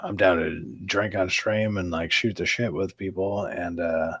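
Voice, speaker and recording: A low-pitched man rambles through a casual stream chat, stumbling over restarts and swearing as he goes. He breaks into big laughs. The sound is close and dry, with no room around it. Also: steady tone, measured pace, fairly bright tone, dry recording. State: drinking during the stream. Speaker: streamer and podcast host.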